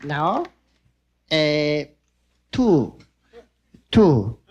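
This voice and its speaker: A man playing a shy, polite foreign man on a comedy stage, talking haltingly with many pauses. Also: fairly high pitch, big pitch swings, darkish tone, dull audio, exaggerated voice. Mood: timid. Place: TV studio stage. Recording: noisy old TV broadcast.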